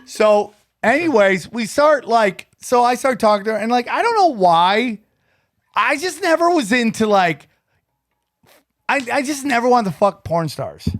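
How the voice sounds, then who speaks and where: A high-pitched man co-hosting a loose, casual podcast. He tells a long story with a lot of energy and slips into the voices of the people he quotes. His tone stays informal throughout. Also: expressive, unhurried, a bit bright. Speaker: podcast co-host.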